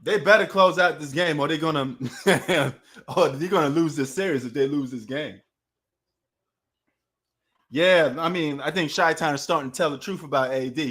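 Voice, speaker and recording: A man's voice: fairly high pitch, a bit bright. Slangy Queens New York man streaming. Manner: loose, slangy, talks to chat. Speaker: sports livestream host. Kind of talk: casual livestream commentary.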